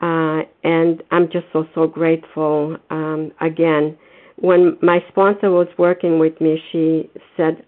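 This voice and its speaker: A woman's voice: sits low, flat delivery, slow. A woman from Massachusetts giving a grateful share at a recovery meeting, often repeating words for stress. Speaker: meeting member sharing. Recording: phone-line audio.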